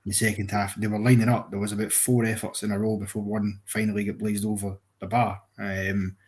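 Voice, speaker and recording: A man calling into a live football fan stream, measured and analytical. His voice sits fairly low, and he thinks aloud through his points. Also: little pitch movement, darkish tone.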